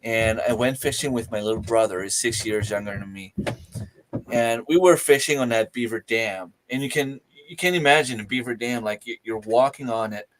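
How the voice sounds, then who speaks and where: A man in casual conversation on a live show, telling a story with lively repetitions and restarts. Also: mid-range voice, moderate pace, slight background noise. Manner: animated, repeats words as he tells a story. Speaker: panel speaker.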